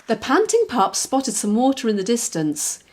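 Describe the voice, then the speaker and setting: Expressive woman reading a children's story. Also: fairly high pitch, normal speed, a little hiss or hum. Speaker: children's author reading her book. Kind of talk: storybook read-aloud.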